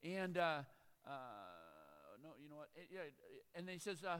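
A high-voiced male pastor reads scripture, then drifts into relaxed, conversational asides that he punctuates with chuckles. His voice carries through a hall with a long, lingering reverb. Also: unhurried, clean tone. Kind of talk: sermon.

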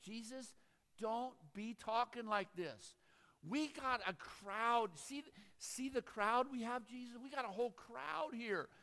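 A man voicing a brash, blunt male disciple who scolds his teacher in a bossy, drawn-out way. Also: on the high side, animated, sharp tone. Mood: pleading scolding. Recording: long hall reverb.

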